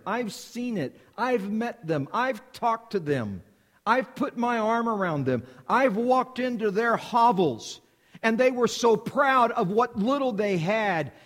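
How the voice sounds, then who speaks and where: A man preaching a sermon in a high, lively voice that climbs and falls as he drives each point home. He hammers on repeated phrases. His voice trails into the long reverb of a church hall. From United States. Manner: emphatic, repetitive preaching cadence. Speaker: preacher, missionary.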